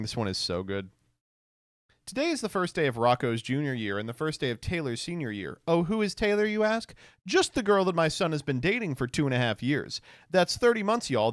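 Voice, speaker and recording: A man streaming and reacting to posts, laughing a lot and swearing freely. His voice swings widely in pitch. The recording is dry and close, with no room echo. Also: clean tone. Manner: animated, laughs often, swears.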